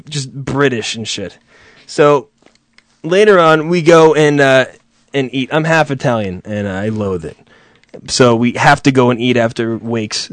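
A man's voice: medium pitch, no room sound. Guy host rambling and swearing, laughing a bit, dry close sound, mid voice. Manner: profane, rambling, chuckling storyteller. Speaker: show host. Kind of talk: casual rambling monologue.

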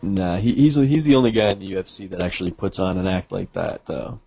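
A man's voice: low-pitched, a little fast, creaky, dark tone, breathy edge. A man co-hosting a podcast, making short, laid-back remarks.

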